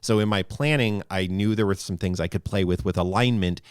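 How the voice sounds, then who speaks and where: Low pitched guy, rambly podcast co-host, dry close mic. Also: brisk, smooth, dry recording. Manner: rambling and thoughtful. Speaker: podcast co-host and game master. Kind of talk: casual podcast discussion.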